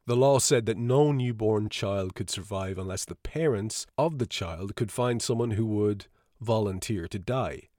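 Low-voiced man reading a story. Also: no echo, studio quality. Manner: even, measured reading. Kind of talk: scripted story narration.

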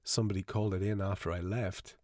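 A man's voice: deep voice, fairly even intonation, fast, darkish tone, no room sound, studio quality, close to an everyday voice. A man voicing a prim, fussy woman hospital worker in a slightly raised voice.

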